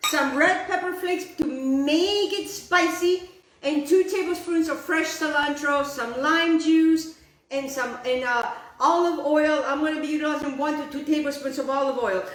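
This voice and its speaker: A woman's voice: high voice, moderate pace, reverberant, rough recording. A woman hosting a casual cooking demonstration, chatty and enthusiastic, who drops Italian phrases into her talk while she cooks outdoors. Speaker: cooking show host. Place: outdoor kitchen, windy.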